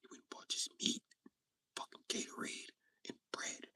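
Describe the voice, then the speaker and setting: A man's voice: moderate pace, no room sound, distant mic. A man whispering as a jittery, frightened gossip. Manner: hushed, jittery, rambling. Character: timid nervous man gossiping in fear. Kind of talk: whispered role-play.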